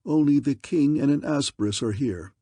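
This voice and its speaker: A man's voice: medium pitch, normal speed, mellow, no echo, pitched above the performer's own voice, close to an everyday voice. A man voicing a haughty, officious male major domo of a palace. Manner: haughty, clipped.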